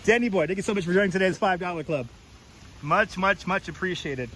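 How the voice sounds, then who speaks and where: A man's voice: high voice, brisk, a bit bright, a little hiss or hum, poor audio. A man hosting a chatty walking livestream outdoors, greeting viewers and reading signs aloud on a clip-on mic. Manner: chatty, jokey, reads sign text aloud, greets viewers. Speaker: livestream host. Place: outdoors in a forest garden. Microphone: wireless clip-on mic.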